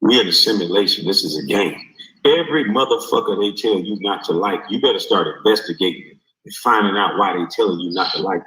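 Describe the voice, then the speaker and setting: A man delivering a heated, profane rant in a streamed clip, forceful and animated. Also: low voice, brisk. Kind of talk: heated ranting monologue. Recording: roomy echo.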